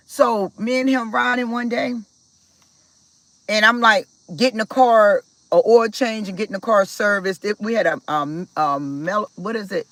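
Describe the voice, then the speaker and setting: A woman from Maryland telling a personal story to her viewers in a casual, animated way, acting out what people said. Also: medium pitch, moderate pace, creaky, no echo, poor audio. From Maryland, USA. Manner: animated, talks to viewers directly, acts out quoted dialogue. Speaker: spiritual vlogger.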